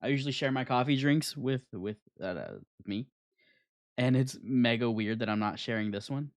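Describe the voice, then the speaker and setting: A man's voice: mid-range voice, moderate pace. A man streaming a video game, rambling in casual gaming commentary with profane jokes.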